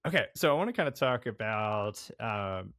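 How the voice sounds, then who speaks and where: Male host, very deep voice, dry close audio, loose filler-heavy questions. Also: very animated, normal speed, a bit bright, dry recording. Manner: hedging, heavy filler words. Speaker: podcast host. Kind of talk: casual interview chat.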